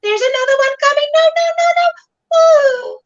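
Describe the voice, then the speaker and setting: A woman's voice: very high voice, moderate pace, lo-fi sound, soft background music, voice pushed up. A woman voicing a panicky talking soda can by the roadside, with frantic squealing pleas.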